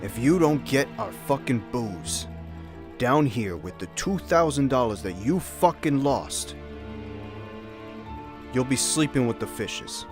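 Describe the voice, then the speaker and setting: A man putting on the voice of a tough, menacing male mafia enforcer in a lowered, gruff tone. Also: lively intonation, takes it slowly, long pauses, music in the background. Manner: threatening, gruff.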